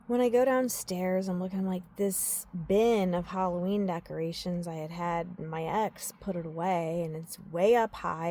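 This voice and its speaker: A woman's voice: fairly low pitch, mellow, a little hiss or hum. A young mother talking in an emotional personal vlog, unfiltered, swearing and filling her talk with "like". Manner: unfiltered, swearing, many filler likes.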